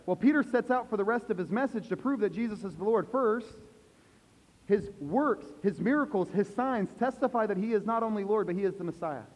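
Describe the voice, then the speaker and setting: Male pastor, high voice, preaching to a church, quizzes the crowd, soft then loud, long reverb. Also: brisk. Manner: asks the congregation questions, swings from hushed to loud emphasis. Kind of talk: sermon. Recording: echoey hall, dull lo-fi sound.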